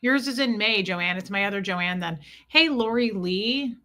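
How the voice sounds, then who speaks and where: A woman's voice: mid-range voice, expressive, moderate pace, bright, forceful tone. A woman hosting a casual livestream, greeting viewers by name one after another. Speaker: livestream host.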